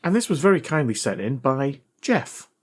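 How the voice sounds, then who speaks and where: A man's voice: mid-range voice, big pitch swings, moderate pace. Chatty man narrating a repair. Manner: chatty, reads viewer letters aloud, thinks aloud while testing. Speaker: repair video host. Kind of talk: casual hands-on repair commentary.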